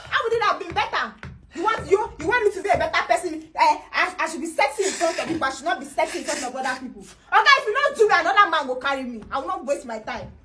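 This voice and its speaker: A very high, bright, quick voice, a woman acting as a scornful Nigerian wife who scolds and mocks her husband. Her lines race and leap with lively pitch, sharp and cutting, in a comedy skit. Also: slight background noise, heavily acted. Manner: fast, mocking, scolding.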